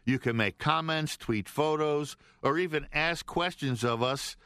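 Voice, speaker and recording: A man's voice: a little high, a little slow, a bit bright, clean tone, no room sound. A man hosting a live radio talk show from a studio, upbeat and joking as he banters with his co-host. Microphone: studio microphone.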